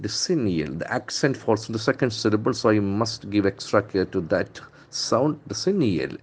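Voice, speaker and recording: A man with an Indian English accent teaching vocabulary from the newspaper, repeating words slowly and spelling out their letters. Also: fairly low pitch. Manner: enthusiastic, calls words beautiful and brilliant. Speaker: English trainer.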